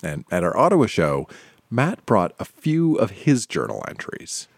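A man's voice: lowish voice, wildly swooping pitch, normal speed, vocal fry, no room sound, clean studio sound. A man hosting a podcast, delivering scripted narration between readings.

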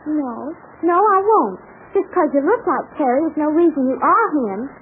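An actress playing a flustered, kind young nurse in a 1940s radio drama. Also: female voice, sits high, very animated, normal speed, phone-quality sound. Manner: flustered, breathless. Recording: scratchy 1940s radio broadcast.

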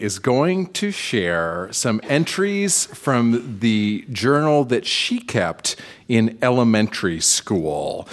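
A man hosting a live reading show, introducing the next reader with a playful manner. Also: medium pitch.

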